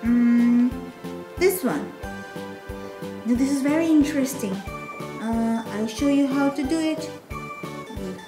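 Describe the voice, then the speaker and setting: A woman's voice: high voice, slow, pauses often. A woman voicing a brave, helpful boy hero toy who explains things. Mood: explaining. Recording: roomy with background music.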